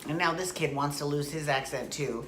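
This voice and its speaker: A woman with a low voice talks through her recap in a loose, rambling way, piling up asides and rhetorical questions. The room around her is echoey, with a faint hiss underneath. She sounds like she is chatting straight to her regular viewers. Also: a little fast, a bit bright. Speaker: soap opera recap vlogger. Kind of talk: casual rambling recap monologue.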